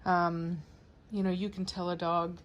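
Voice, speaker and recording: A woman's voice: fairly low pitch, level tone, a little slow, dull audio. A woman dog breeder and trainer talking casually to her viewers in a chatty, rambling way. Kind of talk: casual vlog talk to viewers.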